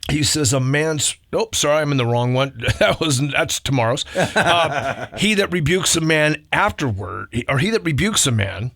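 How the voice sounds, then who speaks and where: A man co-hosting a Christian talk show, telling stories in a lively, laughing way. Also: fairly high pitch, normal speed, vocal fry, hardly any pauses, no room sound, studio quality. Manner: animated storyteller, laughs often. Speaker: radio show co-host and baseball coach. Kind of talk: casual storytelling chat.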